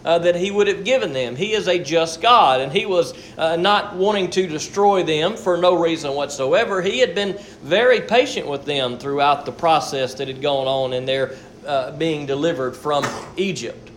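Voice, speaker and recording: High-voiced man preaching a sermon. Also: normal speed, a little hiss or hum. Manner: repeats words as he searches, earnest and explanatory. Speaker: pastor.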